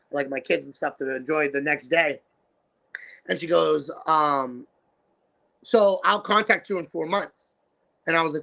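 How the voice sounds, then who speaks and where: Guy hosting a podcast, fast animated storytelling, high bright voice. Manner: animated, acts out voices of people in his stories. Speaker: podcast host and wrestling promoter. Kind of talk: casual storytelling chat.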